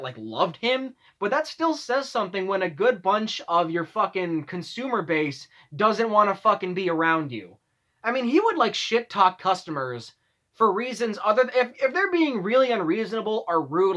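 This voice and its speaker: A man's voice: sits high, big pitch swings, normal speed, a bit bright. Young man ranting with heavy profanity. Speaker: vlogger. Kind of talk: casual storytelling rant.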